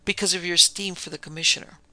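A man's voice: sits high, steady tone, quick pace, bright, forceful tone, dry recording. A man voicing a clever, scheming young woman who speaks in a cool, calculating way.

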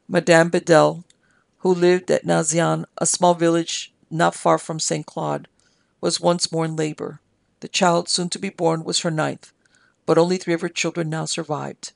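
A man reading history and a story aloud in a slow, measured way. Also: a little high, vocal fry, no echo, clean studio sound. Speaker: audiobook narrator. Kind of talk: scripted narration of history and story.

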